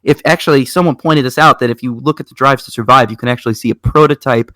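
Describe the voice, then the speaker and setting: A man co-hosting a racing talk show, telling stories in a rambling, animated way with lots of restarts. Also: medium pitch, quick pace, dry recording. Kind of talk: casual chat.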